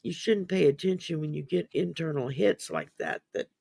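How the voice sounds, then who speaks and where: A man with a fairly high, gravelly voice talks through a topic in a loose, rambling way, full of ums and restarts, and sounds sleepy. The recording is close and dry. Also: normal speed, darkish tone, dry recording. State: sleepy, yawning. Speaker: podcast host. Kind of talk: casual mental wellness discussion.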